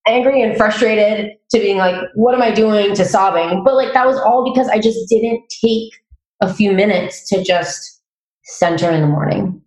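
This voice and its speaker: A woman hosting a casual conversation, chatty and quick to laugh, telling stories with animation. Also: medium pitch, a little mellow. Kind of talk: casual chat. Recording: echoey room.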